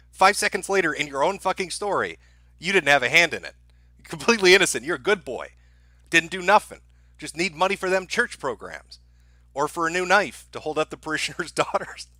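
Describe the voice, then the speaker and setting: Male stream host, mocking and profane commentary, bright animated voice. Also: a little high, no room sound. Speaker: livestream host. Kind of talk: sarcastic commentary on a played clip.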